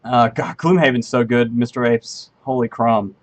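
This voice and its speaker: A man's voice: mid-range voice, fairly even intonation, normal speed. A man streaming while he programs, thinking aloud in a rambling, friendly way, full of ums and half-finished sentences as he answers his chat. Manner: friendly and self-deprecating, answers chat readers. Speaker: game engineer streaming live coding.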